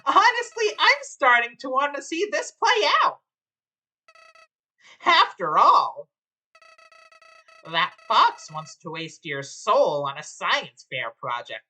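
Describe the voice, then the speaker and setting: A woman's voice: a little high, very animated, slow, pauses often, pushed and bright, voice pushed up, exaggerated voice. Flowey, a smug sing-song flower, voiced by a woman. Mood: sly. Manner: gloating, sing-song taunting. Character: smug, mocking talking flower, male. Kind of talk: reading game dialogue on a stream.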